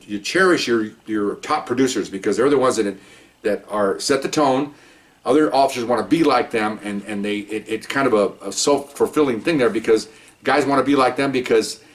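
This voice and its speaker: Fast-talking older man telling cop stories. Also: fairly low pitch, far from the mic. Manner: chatty, joking, with frequent "okay?" asides. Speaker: retired police officer storyteller. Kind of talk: casual first-person storytelling.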